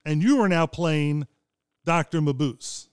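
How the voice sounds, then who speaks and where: Man interviewer, chatty, smooth clear voice, dry sound. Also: fairly high pitch, unhurried, darkish tone, no room sound. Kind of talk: casual interview talk.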